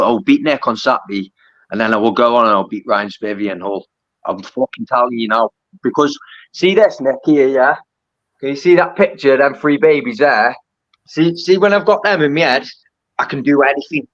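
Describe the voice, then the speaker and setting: A man's voice: medium pitch, moderate pace, a bit bright, no echo. A young man, a boxer swearing and insisting again and again that he will win. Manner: swears constantly, insistent and repetitive. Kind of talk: heated pre-fight face-off. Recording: dull lo-fi sound, dry.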